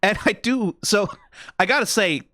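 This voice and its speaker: A man with a fairly high, bright, tense-edged voice gives casual commentary as a reaction host. He talks in an animated, rambling way, leaning on "like" and "right?" and swearing freely. The sound is dry and close. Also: normal speed, dry recording.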